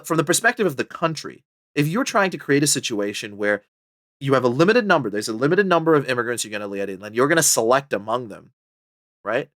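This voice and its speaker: A man's voice: no echo, clean studio sound. A man being interviewed about his book, talking casually and animatedly with lots of fillers. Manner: animated, chatty, full of fillers and pitch jumps. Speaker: podcast guest, book author.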